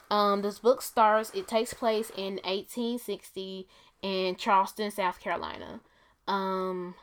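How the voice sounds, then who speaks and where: A woman's voice: lowish voice, smooth. A woman casually retelling a comic book's plot, chatty, with many fillers and self-corrections. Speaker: comic book reviewer.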